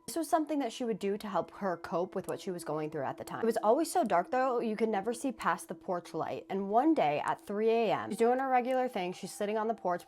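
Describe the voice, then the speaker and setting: A woman narrating a horror story in a relaxed, chatty storytime manner. She draws out key words and slows down for dramatic effect. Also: medium pitch. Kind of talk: casual scary storytime narration.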